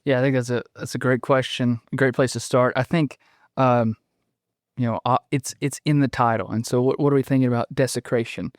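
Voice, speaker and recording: A man's voice: medium pitch, steady tone, brisk, dry recording, studio quality. Thoughtful male podcast guest. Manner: thoughtful, explanatory, frequent ums and restarts. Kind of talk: casual conversational interview.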